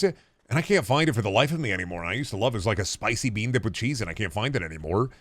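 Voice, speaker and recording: Man, 30s, streamer, low voice, rambling, casual swearing, dry close sound. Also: expressive, racing, fairly bright tone, no echo. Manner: rambling, laid-back, swears freely. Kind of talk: casual gaming-stream chat.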